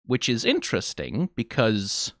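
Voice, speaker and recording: A man's voice: mid-range voice, wildly swooping pitch, a little slow, a bit bright, no echo, studio quality. A young man from Denmark giving casual, wry reaction commentary as a content creator, rambling and often restarting his sentences.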